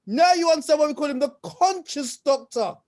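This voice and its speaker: A woman's voice: high-pitched, expressive, fairly quick, a little mellow. A woman hosting a panel, rousing the audience and addressing them directly. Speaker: host.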